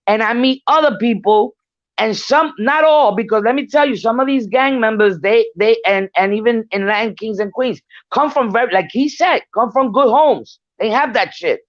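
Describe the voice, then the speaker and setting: A woman's voice: a little high, moderate pace, no room sound. Frank, storytelling older New woman. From New York. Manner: frank storytelling, swears freely. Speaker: guest speaker. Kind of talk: casual discussion. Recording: muffled lo-fi dry recording.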